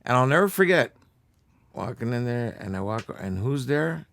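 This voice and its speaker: A man's voice: mid-range voice, sing-song, moderate pace, creaky, a bit bright, no room sound. A man hosting a casual chat, talking loosely with lots of "man" and "like" and some swearing. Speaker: host.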